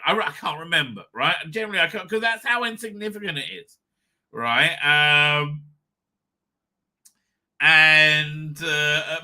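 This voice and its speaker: A man's voice: on the high side, sharp tone. A man hosting a live stream, rambling crudely and laughing often between his own remarks.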